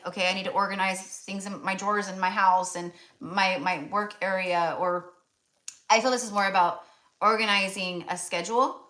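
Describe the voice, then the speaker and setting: A woman's voice: medium pitch, bright, forceful tone. An American woman giving a casual tarot reading, chatty and full of fillers and restarts. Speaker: tarot reader.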